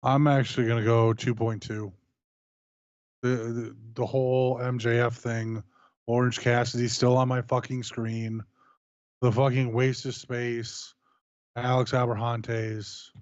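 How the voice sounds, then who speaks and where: A man's voice: mid-range voice, no echo. Frank male co-host, dull lo-fi sound. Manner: frank, repeats himself, swears. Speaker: co-host of a wrestling review show. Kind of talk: casual chat.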